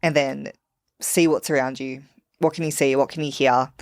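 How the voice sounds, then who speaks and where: A woman's voice: very deep voice, steady tone, moderate pace, no room sound, clean studio sound. A woman guest on a podcast, chatting candidly and laughing at herself. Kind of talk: casual podcast chat.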